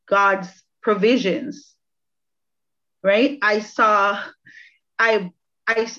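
With a fairly high, slightly bright voice, a woman shares her personal faith story as an interview guest. She stays earnest and reflective, repeats phrases to stress them, and the recording is dull and lo-fi.

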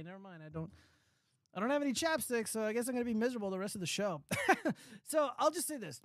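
A man in his thirties hosts a casual commentary show in a notably high voice. He rambles, swears and fills gaps with ums and uhs. The sound is dry and close, with no room echo. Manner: rambling and profane, many fillers. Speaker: show host.

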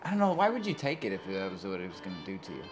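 Animated man on a podcast. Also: low voice, rapid-fire, faint music behind. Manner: animated, laughs often. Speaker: podcast co-host. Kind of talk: casual chat, reading movie blurbs.

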